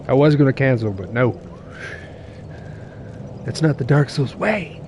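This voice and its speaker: A young man streaming a game live, excitable and laughing, swearing casually and chatting with his viewers while nursing a sore tooth. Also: medium pitch, a little slow, noisy background.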